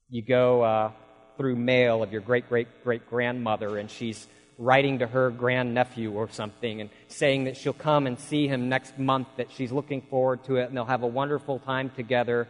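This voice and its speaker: A man's voice: medium pitch, fairly even intonation, fairly quick, big-room sound, rough recording. A man preaching a sermon, telling folksy stories in an earnest way.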